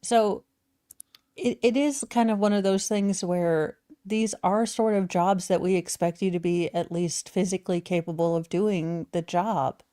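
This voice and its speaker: A female co-host speaking casually on a live stream, laying out opinions in long, rambling sentences. Her voice sits a little low. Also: steady tone, measured pace, warm tone, smooth.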